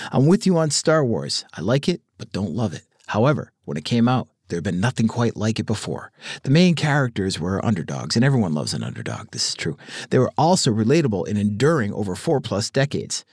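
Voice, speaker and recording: A man's voice: on the low side, breathy edge, no echo. A man hosting a podcast, casually reading listener texts aloud with dry, swearing asides. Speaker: podcast host. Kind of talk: casual listener-mail segment.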